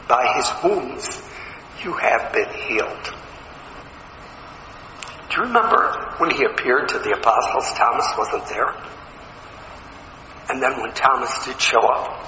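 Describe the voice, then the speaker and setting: A man preaches in a slow, deliberate way, leaning hard on rhetorical questions. His voice is bright and forceful. It rings through a large, echoey hall, and the recording sounds a little dull. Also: medium pitch, slight background noise. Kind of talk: sermon.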